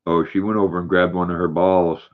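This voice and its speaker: A man's voice: low voice, level tone, a little fast, phone-quality sound. An older man hosting a casual livestream, reading viewer comments aloud and cooing baby talk to his dog. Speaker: livestream host.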